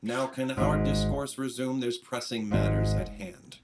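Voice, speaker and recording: A man's voice: medium pitch, a little slow, close to an everyday voice. A man playing several sides of his own personality in a musical comedy series, talking and singing theatrically. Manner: theatrical, half sung. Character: several sides of one man's personality, adult men. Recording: played from a video over guitar music.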